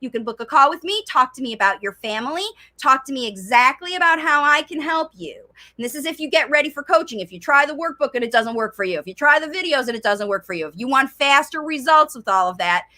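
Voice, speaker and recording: A woman's voice: sits high, fast talker, few pauses. A woman speech coach answering viewer questions in a live Q and A, talking directly to parents. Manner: animated, acts out child's voice. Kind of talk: live Q and A chat.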